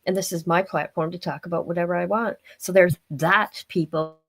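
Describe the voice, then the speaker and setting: A woman's voice: fairly low pitch, fairly even intonation, moderate pace. An older woman hosting a casual livestream, rambling and talking straight to her viewers. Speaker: livestream host.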